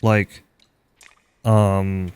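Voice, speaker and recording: This young Minnesota man streams a game and rambles casually, leaning heavily on "like." He speaks extremely slowly in a low, level, smooth voice with a darkish tone.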